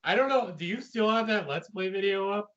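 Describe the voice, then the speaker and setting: A young man co-hosting a casual review chat, halting and stumbling over his words. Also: sits high, a bit bright. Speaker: podcast co-host. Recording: dull lo-fi mic.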